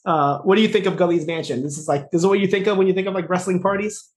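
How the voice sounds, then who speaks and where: Fast-talking man recapping a show. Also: high voice. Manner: quick, animated retelling with fillers and laughs. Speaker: podcast co-host recapping a TV episode. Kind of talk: casual chat.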